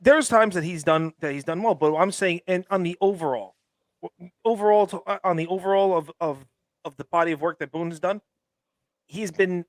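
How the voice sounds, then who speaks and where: A man's voice: sits high, moderate pace, no echo. A man co-hosting a sports podcast, arguing his points emphatically with frequent restarts. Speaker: podcast co-host. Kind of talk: casual sports chat.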